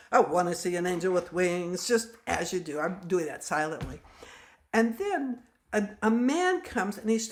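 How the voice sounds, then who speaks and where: An older woman telling stories to an audience in an animated way. She acts out the voices of the people in her stories. Her voice sits at a middle pitch. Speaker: speaker. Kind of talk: storytelling talk.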